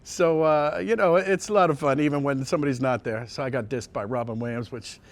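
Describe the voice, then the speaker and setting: A male voice actor telling casual anecdotes in an interview, rambling with many restarts and sliding into quick impressions. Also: medium pitch. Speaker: voice actor guest.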